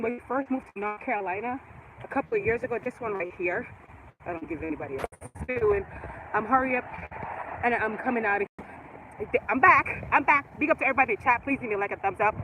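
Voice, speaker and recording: A woman with a Jamaican accent talks loosely and chattily to her viewers as she strolls outside, drifting from one thought to the next. Her voice sits at an ordinary middle pitch. Passing cars and street noise are clearly audible around her. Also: a bit bright, low-quality recording. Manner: rambling, chatty, laughs often. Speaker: live streamer. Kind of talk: casual live-stream chat while walking. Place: outdoors on a residential street.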